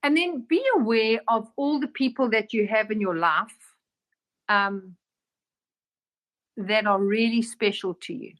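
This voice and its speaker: A woman teaching in a casual spiritual talk, her voice sitting on the higher side. She talks animatedly and slips into acted-out dialogue with a raised voice. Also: unhurried, pauses often, fairly bright tone.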